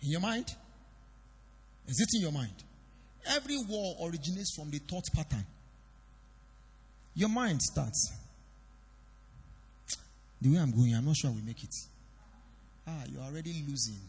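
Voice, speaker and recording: A pastor preaching a sermon in a church hall, swinging between loud declarations and quiet confiding. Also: male voice, fairly high pitch, big pitch swings, a little slow, long pauses, slightly rough. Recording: long reverb of a church hall.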